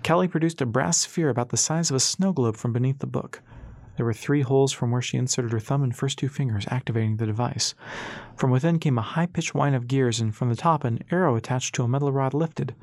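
Male audiobook narrator, steady even reading, mid-range voice, dry close sound. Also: medium pitch, a little fast, no room sound.

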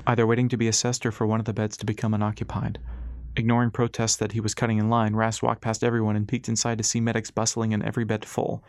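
A man narrating an audiobook chapter in a steady, even reading. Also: fairly low pitch, dry recording, clean studio sound. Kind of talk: scripted narration.

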